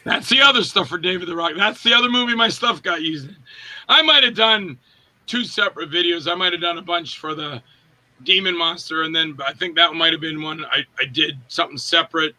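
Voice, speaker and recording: A man's voice: fairly high pitch, brisk. A man in his fifties, an actor telling stories in a casual interview and acting out quotes in different voices. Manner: animated, acts out quotes in voices.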